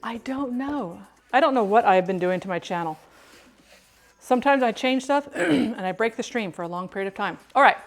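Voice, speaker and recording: A woman's voice: on the high side, expressive, fairly quick. A woman hosting a casual cooking livestream from her kitchen, chatting to viewers, humming and singing along, and laughing often.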